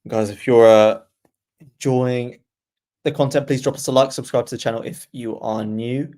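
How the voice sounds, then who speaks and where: A man's voice: medium pitch, fairly even intonation, warm tone. A man giving casual live play-by-play tennis commentary on a stream, chatting with viewers and reading their comments aloud. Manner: chatty, reads viewer comments aloud, quickens during rallies.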